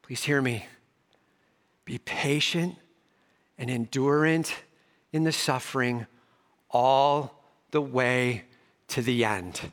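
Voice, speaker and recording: A man's voice: mid-range voice, slow pace, pauses often. Man preaching in a reverberant hall. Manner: swings between emphatic raised passages and hushed soft ones; casual slangy asides amid preaching. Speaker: pastor. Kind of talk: sermon.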